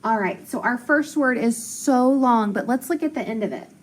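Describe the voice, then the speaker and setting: A woman's voice: fairly high pitch, moderate pace. A woman teaching a phonics lesson, patiently sounding out letters and syllables and answering her own questions. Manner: asks questions and answers them herself.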